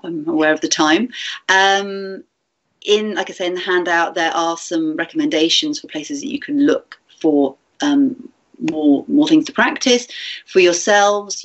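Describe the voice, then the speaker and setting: Husky-voiced woman giving a teacher training. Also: lowish voice, highs cut off. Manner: gentle, chatty, many fillers and restarts. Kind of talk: webinar talk to teachers.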